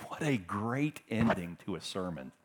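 Brief: middle-aged male pastor, fairly low voice, fervent sermon delivery that swells loud then drops to a hush. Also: animated, unhurried, slightly rough. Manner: impassioned, swings between loud emphatic bursts and hushed tender lines.

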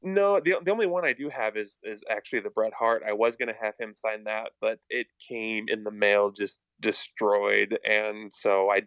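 A man's voice: on the low side, moderate pace, few pauses, a bit bright, dry recording, lo-fi sound. A man chatting casually as a podcast guest, hesitant and often repeating his words with many fillers. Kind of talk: casual chat.

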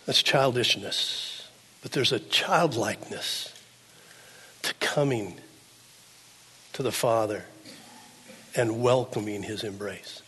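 An older man preaching a sermon as pastor, swinging from hushed, low passages to loud, pleading ones. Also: slow, pauses often, slightly rough. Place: church sanctuary. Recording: long hall reverb.

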